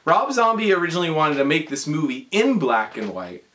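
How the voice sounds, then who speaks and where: A man's voice: a little high, big pitch swings, brisk, fairly bright tone. A tipsy man rambling through a comedic drunken retelling of a movie, heavy on fillers and swearing. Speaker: drunk storyteller.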